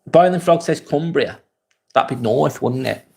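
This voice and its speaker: A man's voice: fairly high pitch, measured pace, vocal fry, slight background noise. Guy doing a chill live vlog, chatty, reading out comments and asking questions. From England. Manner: relaxed, chatty, asks many questions. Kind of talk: casual live-stream chat reading comments.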